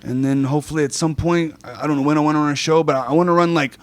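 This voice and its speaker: A man guesting on a podcast in casual chat, excitable, repeating himself and stumbling over the starts of his sentences. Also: fairly high pitch, rapid-fire, no echo.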